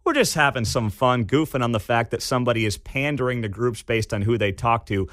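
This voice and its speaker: A man's voice: medium pitch, brisk, fairly bright tone, no echo, studio quality. A man hosting a talk radio show, giving sarcastic, opinionated commentary and reading quotes aloud.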